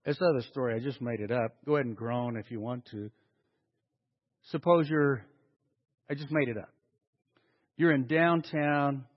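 A man preaching a sermon as a pastor, telling stories and swinging from loud acted-out quotes to hushed, slow emphasis. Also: mid-range voice. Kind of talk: sermon storytelling. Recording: dull sound with long hall reverb.

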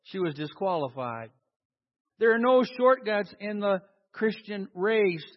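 A man's voice: high-pitched, animated, measured pace. A man preaching a sermon to a congregation, emphatic and calling for responses. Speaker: pastor. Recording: dull sound in a long-reverb hall.

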